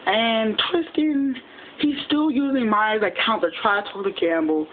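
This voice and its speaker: A casual fan recap of a TV episode, told in a quick, rambling way with plenty of restarts. The audio is thin and phone-like. A faint hiss runs under the voice. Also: mid-range voice. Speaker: TV episode reviewer.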